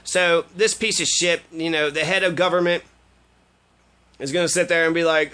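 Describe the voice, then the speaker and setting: Sex: man. Role: political commentator. Style: profane ranting commentary. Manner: sarcastic, swears constantly. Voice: high, bright. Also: steady tone, normal speed, smooth. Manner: sarcastic, heavy swearing, trails off in fillers.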